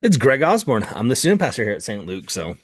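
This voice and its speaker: Lively playful man, student pastor. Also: mid-range voice, dry recording, studio quality. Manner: playful, laughs often, quick bursts of talk. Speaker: student pastor, podcast co-host. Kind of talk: casual chat.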